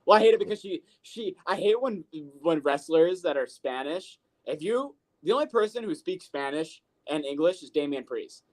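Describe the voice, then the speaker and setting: A podcast co-host in casual chat, telling stories in an animated, profane way full of fillers. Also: mid-range voice, normal speed, few pauses.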